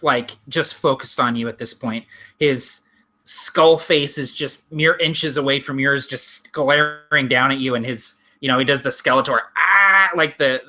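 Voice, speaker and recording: A man narrating as game master in a tabletop game, describing the action in a lively, vivid way. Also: mid-range voice.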